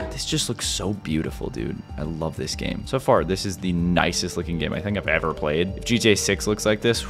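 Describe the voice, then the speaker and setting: A young man giving jumpy, excitable let's play commentary as he explores a creepy game, breaking into sudden shouts and laughs. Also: low-pitched, brisk, vocal fry, hardly any pauses, over loud music. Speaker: gaming YouTuber.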